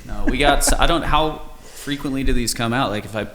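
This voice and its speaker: A man's voice: medium pitch, brisk, fairly bright tone. A man, a musician guest, chatting casually in an interview, laid-back and joking, swearing now and then.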